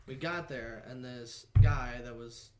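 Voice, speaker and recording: A young man co-hosting a casual podcast, spinning a profane, animated story at a middling pitch. The room is echoey and the background is clearly noisy. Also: slow pace. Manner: profane, animated anecdote-telling. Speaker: podcast co-host.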